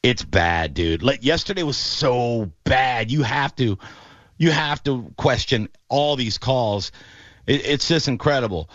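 A man hosting casual sports talk, animated and quick to mock what he retells. The sound is slightly dull and muffled, with a dry, close feel and no room echo. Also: mid-range voice. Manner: animated storyteller, mocking voices in quotes. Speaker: podcast host.

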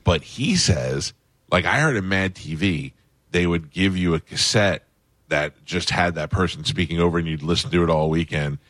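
A man's voice: low-pitched, normal speed, fairly bright tone, no room sound. A man hosting a radio show, chatting casually and enthusiastically with his guest. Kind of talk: casual interview chat.

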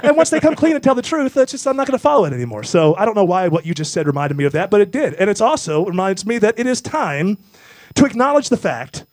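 A man, hosting a talk show and telling animated, self-mocking stories. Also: high voice, fast talker, no echo. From Memphis, US South. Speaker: radio show host. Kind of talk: casual talk show banter.

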